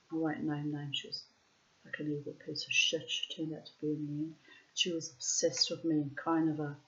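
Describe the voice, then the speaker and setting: A woman's voice: low-pitched, a bit bright. A woman who tells stories in a casual, rambling way and talks bluntly, often swearing. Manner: blunt, profane, chatty. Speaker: reader and vlogger. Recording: dull lo-fi recording.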